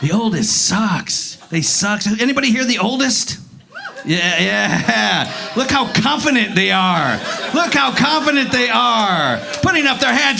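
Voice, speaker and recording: A man doing a profane, animated stand-up set with crowd work, recorded live on a handheld mic in a comedy club. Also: sits high, measured pace, gravelly. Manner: profane, animated, laughing through lines.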